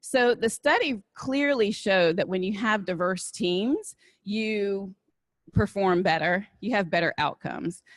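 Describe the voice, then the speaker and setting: A woman with a Southern American accent speaks to an audience in a relaxed, conversational way. Her voice sits at a middle pitch and sounds dry and close. She keeps checking in with listeners as she explains. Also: takes it slowly, dry recording. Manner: conversational, asks "right?" often. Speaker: diversity and inclusion speaker. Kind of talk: live talk with audience Q&A.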